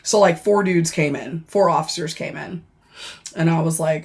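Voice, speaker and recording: A woman, a former corrections officer, casually telling a story on a livestream, animated and profane, with lots of fillers. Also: low voice, normal speed, slightly rough. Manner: animated, profane, laughing and dramatizing; chatty with many fillers.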